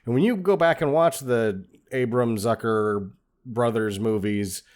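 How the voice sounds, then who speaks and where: A man on a movie-review podcast, picking apart a film's slapstick with casual swearing. His voice sits at an ordinary middle pitch. He talks in a relaxed, conversational way. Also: a little slow. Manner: critical, explains film craft, swears casually. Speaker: podcast co-host.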